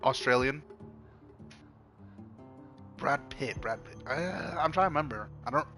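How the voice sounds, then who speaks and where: A young male streamer with a bright, forward voice chats loosely and swears freely, restarting his sentences again and again. Faint game music plays underneath, and his pitch sits in an ordinary middle range. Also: lively intonation, measured pace. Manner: rambling, profane, many restarts. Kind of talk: casual chat while streaming a game.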